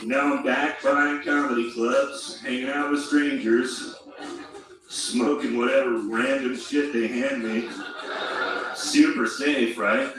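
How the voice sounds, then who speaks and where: Man doing loose, profane stand-up in a roomy club. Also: mid-range voice. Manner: loose, profane, rambling storytelling. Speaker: stand-up comedian. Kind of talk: stand-up comedy set. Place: comedy club stage. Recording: roomy live club sound from a distant mic.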